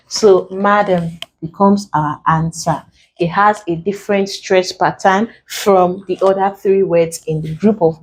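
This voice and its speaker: Slow, deliberate woman tutoring English. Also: on the low side, a little mellow, a little hiss or hum. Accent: Nigerian English. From Nigeria. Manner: slow, deliberate, spelling out each step. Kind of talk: online exam lesson.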